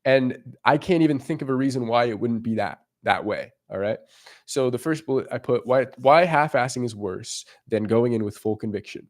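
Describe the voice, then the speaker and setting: A man's voice: medium pitch, moderate pace, a little mellow. Blunt, frank dating coach, a man. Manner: blunt and frank, swears casually. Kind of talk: casual coaching monologue.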